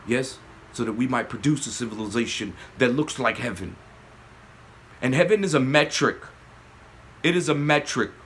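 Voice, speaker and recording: A man hosting his own channel, giving a spiritual monologue, often asking "yes?", swinging between loud emphatic bursts and low murmurs. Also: a little hiss or hum. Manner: slow, repeating "yes?" often. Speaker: channel host.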